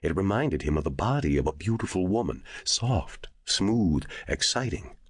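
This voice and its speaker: A man narrating an audiobook in a measured storytelling voice. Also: low voice, sing-song, slightly rough, dry recording, studio quality. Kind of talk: scripted narration.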